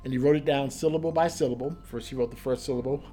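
A man's voice: mid-range voice, quick pace, faint music behind. An American man, a former Army soldier and Korean linguist, recounting his past in an interview, acting out quoted dialogue as he goes. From United States. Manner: lively recounting, acts out quoted dialogue, repeats and restarts. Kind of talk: interview storytelling.

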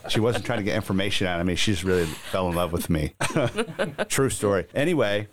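Very deep-voiced man hosting a podcast. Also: lively intonation, brisk, a little hiss or hum. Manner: rambling storyteller, chuckles, filler-heavy. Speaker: podcast host and reserve wing commander. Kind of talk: casual podcast interview.

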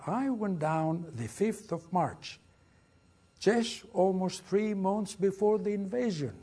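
Husky older Greek-accented man telling war stories. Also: high voice. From Greece. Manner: lively, dramatic storytelling with acted quotes. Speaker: guest speaker. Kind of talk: storytelling lecture.

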